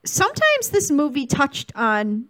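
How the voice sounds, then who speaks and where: A woman's voice: sits high, wildly swooping pitch, measured pace, fairly bright tone. Playful woman in casual podcast chat. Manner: playful, teasing interjections. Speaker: podcast co-host. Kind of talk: casual movie recap chat.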